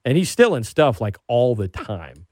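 A male radio host in casual chat, talking with lively, excitable energy at a middle pitch. The sound is dry and close, with no room around the voice. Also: normal speed, dry recording. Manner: animated, excitable storyteller.

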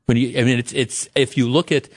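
A man's voice: medium pitch, little pitch movement, brisk, no room sound, clean studio sound. A middle-aged man from Wisconsin hosting a radio talk show, rambling chattily with many restarts. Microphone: studio microphone.

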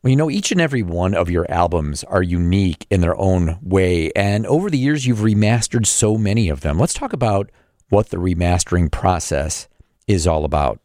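Male radio host with a very deep voice, a dry studio sound, upbeat in manner. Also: lively intonation, normal speed, darkish tone, dry recording. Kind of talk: broadcast interview.

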